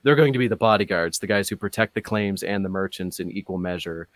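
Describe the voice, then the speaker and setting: A man chatting casually about his hobby, rambling with many fillers and restarts, getting animated as he goes. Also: low-pitched, fast, dry recording. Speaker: podcast guest. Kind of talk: casual chat.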